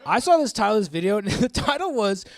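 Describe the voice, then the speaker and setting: Rambling stand-up comic, higher voice. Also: male voice, sing-song, fast talker. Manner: rambling, self-mocking, laughs at own jokes. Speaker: stand-up comedian. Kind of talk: stand-up comedy set. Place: comedy club stage before a live audience.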